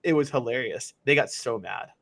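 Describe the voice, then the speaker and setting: A man's voice: mid-range voice, normal speed, gravelly, fairly bright tone. A man co-hosting a casual sports talk show, joking and sarcastic.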